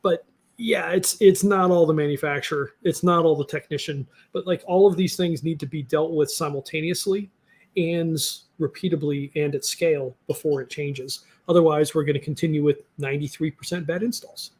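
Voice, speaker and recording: A man's voice: a little high, steady tone, moderate pace, darkish tone, breathy edge. A man hosting a podcast, chatting loosely and upbeat with lots of fillers. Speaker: podcast host. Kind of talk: casual podcast chat.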